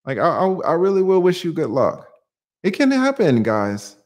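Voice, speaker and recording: Male stream host, high pitched, punchy rhetorical delivery, reads and answers chat. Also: huge pitch swings, normal speed, darkish tone. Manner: emphatic, rhetorical questions, casual swearing. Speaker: channel host answering viewer comments. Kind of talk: livestream commentary.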